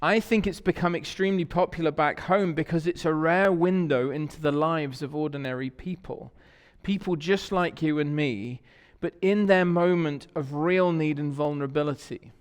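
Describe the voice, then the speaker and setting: English pastor preaching in a reverberant church. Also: male voice, on the high side, moderate pace, hardly any pauses, clear, resonant tone. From England. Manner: conversational storytelling, asks the congregation questions. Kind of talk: sermon. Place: church sanctuary.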